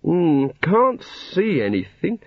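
A man's voice: a little high, sing-song, slow, dry recording, voice pushed up, heavily acted. A man voicing a cowardly, hapless wizard who mumbles and mutters grumpily. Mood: grumbling. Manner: mumbling, muttering, put-upon. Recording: dull lo-fi recording.

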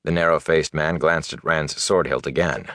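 A man narrating a fantasy novel in an expressive, dramatic way. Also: rumbling low, normal speed, no room sound, clean studio sound. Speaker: audiobook narrator.

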